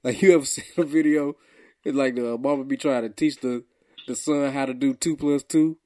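A man's voice: medium pitch, fairly even intonation, normal speed, dark tone. A man co-hosting a podcast, trading profane jokes and laughing often. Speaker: podcast co-host. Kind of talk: casual banter.

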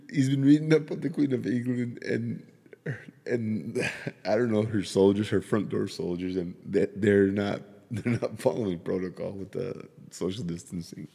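A man's voice: lowish voice, steady tone, normal speed, gravelly, mellow, slightly rough, in a large hall. A man hosting his own podcast, telling a family story in a rambling way and laughing often. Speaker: podcast host. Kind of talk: casual chat.

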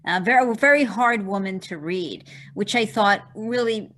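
Chatty lawyer host on a video call. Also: female voice, medium pitch, normal speed, fairly bright tone. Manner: chatty, laughs easily, explains at length. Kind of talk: casual interview.

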